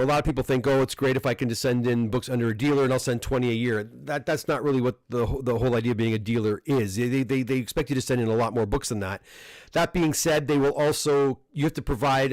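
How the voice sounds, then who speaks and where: A middle-aged man with a Canadian accent hosts a casual live unboxing, talking in an easygoing, meandering way full of restarts and fillers. His voice sits at an ordinary middle pitch. It is recorded close on a desk microphone in a dry room. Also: dry recording. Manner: relaxed, rambling, frequent restarts and fillers. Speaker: comic book dealer and host. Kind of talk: casual livestream unboxing chat.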